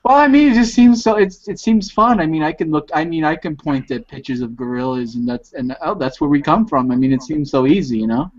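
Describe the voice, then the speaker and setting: A man's voice: on the high side, expressive, a little fast, hardly any pauses. A man teasing and joking in a casual group chat over a video call. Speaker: participant in an online chat. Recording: muffled video call audio.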